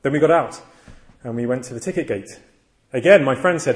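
A man's voice: medium pitch, expressive, fairly quick. A man preaching a sermon, earnest and emphatic, telling a story and building to repeated phrases.

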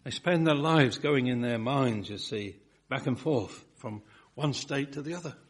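A man preaching from the pulpit, his voice slightly husky. He swells into emphatic lines and then drops low and soft on single words. The delivery is rhythmic and earnest. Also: a little slow. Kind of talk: sermon.

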